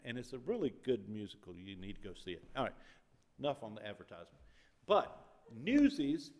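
A man's voice: lowish voice, sing-song, brisk. Dynamic preacher man in a reverberant hall. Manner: dynamic preaching, swinging between loud and quiet. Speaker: pastor. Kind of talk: sermon. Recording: long reverb of a large hall.

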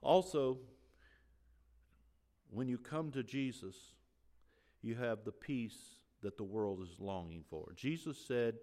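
A middle-aged man preaching a sermon in a church, his voice climbing and growing loud on key points, with many restarts and fillers. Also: mid-range voice, takes it slowly, pauses often. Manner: animated, rising loud on emphasis, restarts and fillers.

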